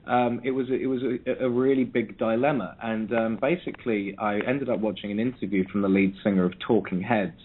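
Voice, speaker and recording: A man's voice: on the low side, fairly even intonation, fairly quick, few pauses, a little hiss or hum. A man from South London, a musician guest talking over a phone line in a reflective way, often restarting his sentences. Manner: reflective, with frequent restarts and ums. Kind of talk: casual interview.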